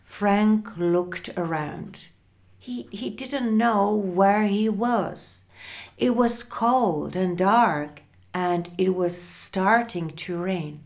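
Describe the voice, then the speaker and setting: A woman narrating a storybook in a clear, deliberate reading voice. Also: mid-range voice.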